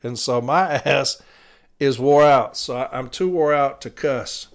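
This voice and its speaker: A man's voice: mid-range voice, a little slow. Blunt, profane man ranting. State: tired. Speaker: podcast host, city letter carrier. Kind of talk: casual opinion monologue.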